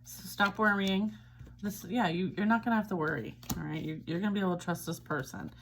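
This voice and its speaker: A woman's voice: medium pitch, a little fast, gravelly, slight background noise. A woman giving a casual tarot reading, chatty and reassuring, often checking in with "all right?". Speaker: tarot reader.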